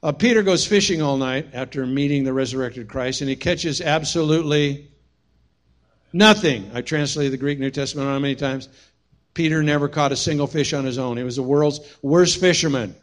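A man's voice: a little high, a little fast. A man preaching a sermon as pastor, telling stories with humorous asides. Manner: storytelling, humorous, animated asides.

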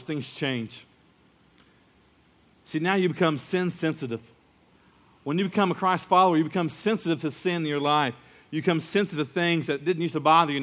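A male pastor preaching a sermon, lively and acting out the people he quotes. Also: a little high. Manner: animated preaching, acts out quoted voices.

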